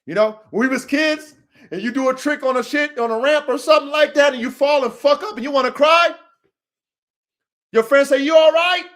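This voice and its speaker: A man hosting a podcast, giving a profane, preachy motivational monologue that swings from low mutters to shouts. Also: a little fast. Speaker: podcast host.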